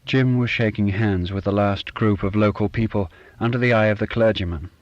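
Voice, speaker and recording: Man narrating literary fiction, measured and even; lowish voice, dry, slightly muffled recording. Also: no echo. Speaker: audiobook narrator.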